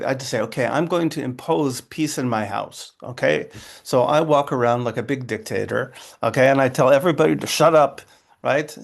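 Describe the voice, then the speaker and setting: A man's voice: medium pitch, gravelly. A man, a rabbi, explaining ideas in a dialogue, often restarting phrases and checking in with "right?" and "okay?". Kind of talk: interfaith dialogue talk.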